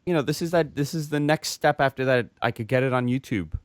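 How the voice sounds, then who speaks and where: A man co-hosting a casual tech podcast, telling stories in an animated way with emphatic asides. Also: mid-range voice, quick pace, no room sound. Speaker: podcast co-host and video creator.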